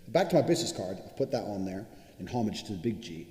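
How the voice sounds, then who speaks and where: A man's voice: on the low side, animated, fast talker, warm tone. A man delivering a boastful, profane monologue straight to viewers, in a casual self-promoting style. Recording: roomy with long reverb.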